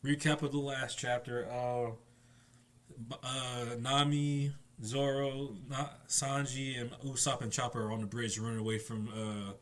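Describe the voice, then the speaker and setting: A man's voice: medium pitch, flat delivery, unhurried, a bit bright. A young man reviewing an anime chapter in a casual, rambling way. He laughs often and acts out the characters' lines in playful voices.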